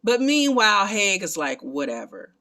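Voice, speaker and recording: A man giving a casual, animated recap of a film and talking to his viewers as family. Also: a little high, measured pace. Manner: animated, excitable retelling. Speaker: film reviewer.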